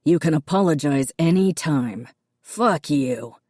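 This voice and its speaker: A woman's voice: low voice, animated, measured pace, a little mellow, no room sound, studio quality. A woman voicing a stern, harsh middle-aged father who snaps curtly at his son. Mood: snapping. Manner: snapping, curt.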